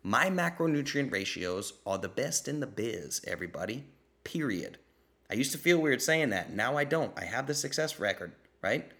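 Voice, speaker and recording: Bright-voiced, fired-up man. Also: medium pitch, sing-song, moderate pace, creaky. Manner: blunt, fired-up, swears for emphasis; mimics people in quoted voices. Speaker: podcast host answering listener questions. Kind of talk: live Q&A chat.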